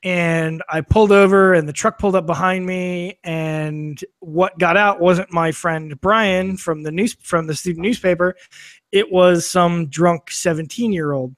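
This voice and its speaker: A man's voice: sits high, steady tone, unhurried, dry recording, studio quality. A man telling a long anecdote on a casual podcast, with lots of fillers, restarts and swearing, laughing as he goes. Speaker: podcast guest or co-host. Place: studio filmed for video.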